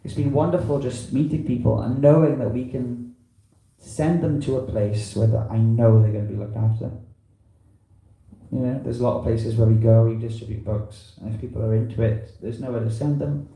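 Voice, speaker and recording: A man's voice: medium pitch, steady tone, normal speed, gravelly, dark tone. A man giving an informal, rambling talk to a temple congregation, full of "you know" and loose asides. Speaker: visiting preacher. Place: temple hall. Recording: echoey temple hall.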